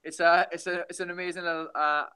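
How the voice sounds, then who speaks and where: Bright-voiced young Welsh man. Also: a little high, flat delivery, fast, clean tone, rough recording. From Wales. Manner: rambling storyteller, many restarts. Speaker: guest fighter. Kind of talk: casual chat on a video call.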